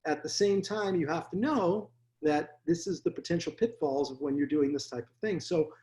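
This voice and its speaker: A man's voice: on the high side, moderate pace. A man, a dentist, telling blunt stories from his practice in a casual interview. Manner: blunt, animated storyteller. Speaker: dentist guest.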